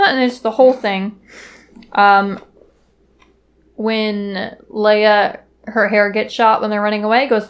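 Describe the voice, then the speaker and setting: A young woman co-hosts a casual podcast chat, swearing a lot and slipping into quoted movie lines. Her medium-pitched voice is flat and a little slow.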